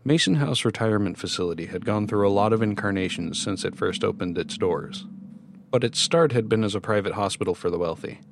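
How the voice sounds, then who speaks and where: A man reading a first-person horror story in measured scripted narration. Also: fairly low pitch, vocal fry, noisy background.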